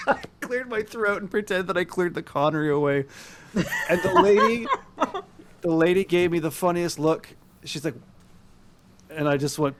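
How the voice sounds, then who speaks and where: A man with a fairly high voice telling an animated, self-mocking story in casual podcast chat. He builds to the punchlines and happily laughs at his own embarrassment. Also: unhurried, pauses often, background noise. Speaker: podcast co-host.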